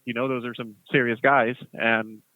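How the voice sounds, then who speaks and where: A man, a former US Marine, telling rambling, animated stories as a podcast guest. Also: mid-range voice, normal speed, dry recording. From United States. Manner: rambling, animated storytelling with laughs. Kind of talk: casual podcast chat. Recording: tinny phone-like line, dry.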